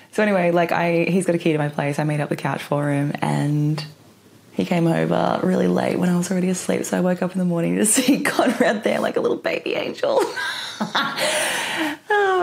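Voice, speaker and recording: A woman's voice: on the low side, creaky, darkish tone. A young woman hosting a podcast from her bedroom floor, chatting casually with lots of fillers and giggles. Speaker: podcast host. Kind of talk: casual chat.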